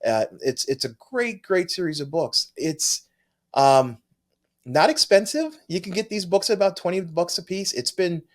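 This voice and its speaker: A man's voice: sits high, animated, moderate pace. Enthusiastic male comic podcast co-host. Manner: enthusiastic, with frequent restarts. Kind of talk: casual chat.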